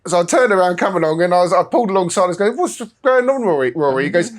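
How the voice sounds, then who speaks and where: A man retells a moment in a lively, laughing way. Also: high-pitched, very fast. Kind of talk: casual chat.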